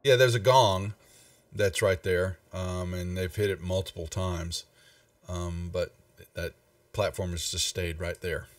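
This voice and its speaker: A man, the game master, describing the scene in a tabletop game, halting and full of ums and restarts. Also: low voice, fairly even intonation, no room sound, recorded from a distance.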